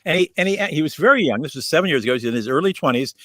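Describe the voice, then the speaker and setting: A man hosting a radio interview, asking questions and recapping in a thoughtful, measured way. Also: on the high side, lively intonation, fairly bright tone, no echo, clean studio sound. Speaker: radio show host.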